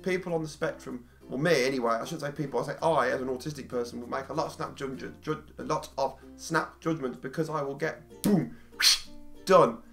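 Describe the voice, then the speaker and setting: A man's voice: medium pitch, a little fast, creaky, few pauses, faint music behind. A man explaining things casually in a vlog, chatty, with jumpy emphasis and frequent restarts. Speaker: vlogger.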